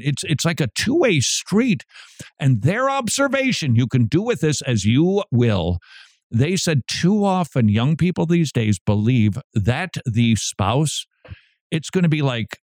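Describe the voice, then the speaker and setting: A man's voice: medium pitch, sing-song, moderate pace, a little mellow, no echo, clean studio sound. A man hosting a daily Christian commentary show, talking in a wry, conversational way with sarcastic asides. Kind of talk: casual commentary.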